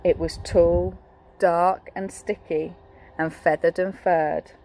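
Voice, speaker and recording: Young woman teacher reading a picture book to kids, slow, keeps asking them questions, encouraging. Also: fairly low pitch, flat delivery, mellow, slight background noise, rough recording. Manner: encouraging, asks the children questions.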